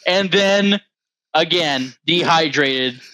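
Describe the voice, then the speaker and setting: A man's voice: a little high, slow pace, bright, forceful tone, no echo. A young man co-hosting a podcast, rambling and joking in casual chat on a close mic. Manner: rambling, filler-heavy, joking. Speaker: podcast co-host.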